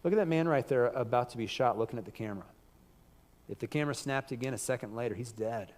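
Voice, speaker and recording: A man preaching a sermon in a church hall, his voice wearing hoarse as he goes. He talks emphatically, with loud bursts, and the room gives his words a long reverberant tail. His pitch sits in the middle range for a man. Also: fast. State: losing his voice.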